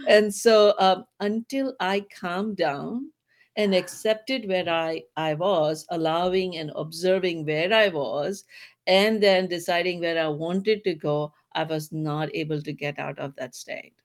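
A woman hosting a casual interview, telling a story in lively, quick bursts and laughing often. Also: on the low side.

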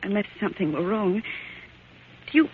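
A woman's voice: medium pitch, expressive, normal speed, natural voice. An actress in a 1940s radio drama playing a young woman whose uncle was murdered, with an anxious, pleading delivery that comes close to tears. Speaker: niece of a murder victim. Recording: tinny old radio broadcast, faint hiss.

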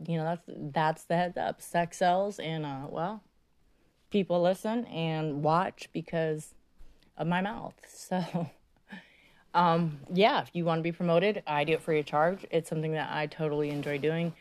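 Low-voiced, foul-mouthed rambling woman. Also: fairly even intonation, measured pace, a little mellow. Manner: crude, rambling, self-mocking, swears a lot; many fillers and trailing asides. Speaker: podcast host. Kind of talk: casual monologue.

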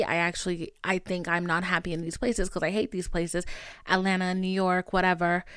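A young woman hosting a podcast in casual chat, animated and swearing freely as she acts out conversations. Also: mid-range voice, no room sound, studio quality. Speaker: podcast host.

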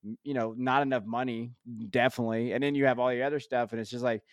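A man's voice: medium pitch, flat delivery, fast talker, no room sound. A stressed man in his thirties co-hosts a casual podcast and unloads his worries. His talk is weary and full of filler words. The sound is dry and close. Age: 30s. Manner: weary, venting, heavy on fillers. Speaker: podcast co-host. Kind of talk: casual chat.

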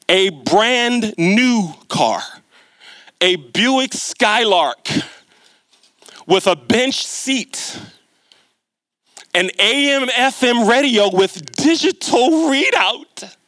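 A man's voice: high-pitched, a bit bright, dry recording. A man preaching a sermon in a church, telling a humorous story in a chatty way and asking the congregation questions. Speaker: lay preacher. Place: church sanctuary.

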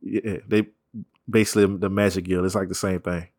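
A man talking casually about comics, rambling with slang, profanity and quick laughs. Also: sits low, little pitch movement, darkish tone, no room sound, clean studio sound. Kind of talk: casual chat.

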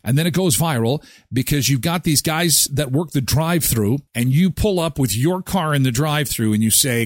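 A man hosting a casual morning radio show, reading ads and joking about the news in an animated way. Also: fairly high pitch, a little fast, no room sound, clean studio sound. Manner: animated, jokey, acts out voices. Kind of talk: casual morning show chat with live ad reads.

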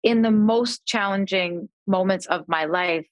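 Middle-aged woman, podcast guest, animated storyteller, dry close-mic read. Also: mid-range voice, unhurried, no room sound. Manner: animated storyteller, voices quoted family members. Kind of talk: conversational storytelling.

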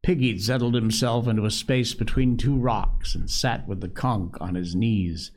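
A man narrating a novel aloud with a slow, deliberate, expressive delivery. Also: on the low side, slight background noise. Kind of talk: audiobook novel reading.

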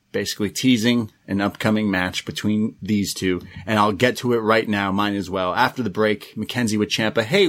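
A man co-hosting a podcast, recapping events in a relaxed, rambling play-by-play with plenty of fillers. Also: fairly low pitch. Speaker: podcast co-host. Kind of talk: casual recap chat.

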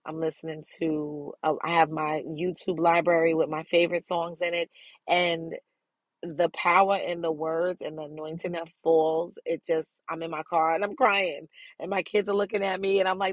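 A woman's voice: on the low side, level tone, moderate pace, no echo. A middle-aged woman hosting a podcast, talking candidly and casually about self-care, laughing often as she goes. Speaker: podcast host.

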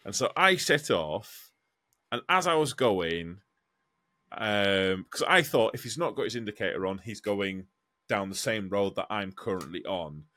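A man's voice: fairly low pitch, unhurried. A man, a truck driver co-hosting a podcast and telling stories in casual chat, swearing freely. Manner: swears freely, animated storytelling.

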